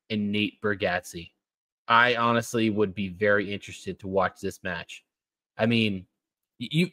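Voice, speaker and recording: Casual, animated male podcast co-host. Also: no room sound. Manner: animated storytelling, jumps high when acting out quotes. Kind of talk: casual chat.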